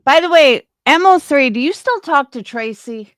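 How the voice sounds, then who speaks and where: A woman's voice: high voice, animated, normal speed, a bit bright, no echo, clean studio sound. A woman live streamer chatting casually with her viewers, opinionated and rambling, restarting her sentences.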